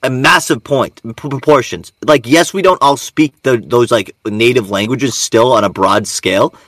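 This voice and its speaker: A man's voice: mid-range voice, normal speed, a bit bright, dry recording. A man from the United States chatting on a podcast, ranting with lots of profanity and fillers. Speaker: podcast co-host. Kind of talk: casual chat.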